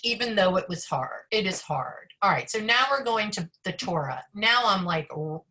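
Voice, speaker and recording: A woman rabbi teaches a group over a video call, racing along in a chatty way full of asides and fillers. Her voice is clear and bright, and her pitch sits in the middle of the usual range for a woman. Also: animated, normal speed, few pauses. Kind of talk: leading an online study session.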